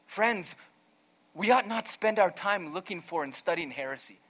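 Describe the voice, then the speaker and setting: A pastor preaching an earnest, emphatic sermon, weaving in a storytelling aside. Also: male voice, a little high, animated, moderate pace, pushed and bright.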